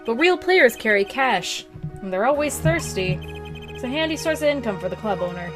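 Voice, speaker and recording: A woman's voice: on the high side, expressive, moderate pace, close to an everyday voice. A woman voicing a wry young male defense attorney with dry narration. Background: game music.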